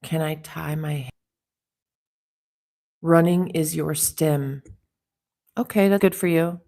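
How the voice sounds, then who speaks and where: A woman's voice: sits low, slow pace, gravelly, warm tone. A woman hosting a casual livestream chat, reading out viewer comments and teasing them in a chatty way. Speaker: livestream host.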